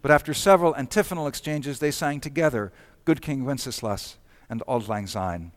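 A man narrates a historical documentary, telling the story in a measured way. His voice is at an ordinary middle pitch, recorded close and dry with no room sound.

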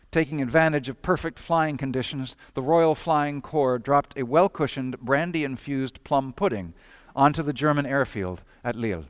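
A man narrates a historical documentary in a measured, storytelling manner. His voice sits at an ordinary middle pitch, recorded close and dry with no room sound. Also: no echo.

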